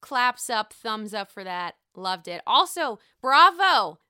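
A woman's voice: a little high, very animated, slow, bright, forceful tone, clear, resonant tone, no room sound, clean studio sound. A woman hosting a casual reality TV recap, chatty and profane with sassy asides.

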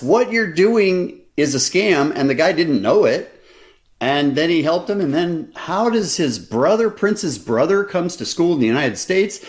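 A man co-hosting a podcast, recapping a story earnestly and emphatically in casual chat. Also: on the high side. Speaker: podcast co-host.

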